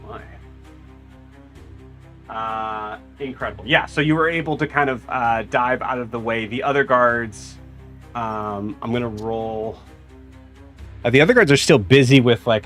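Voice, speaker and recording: A young man narrating as game master, halting and full of fillers as he describes the scene. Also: medium pitch, fairly bright tone, soft background music.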